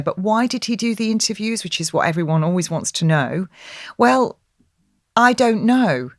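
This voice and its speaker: A middle-aged woman, a guest in a conversational interview, speaks emphatically in a fairly low voice. She repeats herself and often says "um" and restarts her sentences. The studio-quality recording has no room sound.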